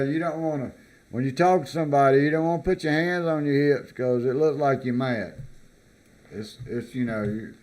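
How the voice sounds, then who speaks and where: An American man vlogs casually and haltingly, reading items off a list and commenting on them with repeated words and fillers. His voice sits at a medium pitch.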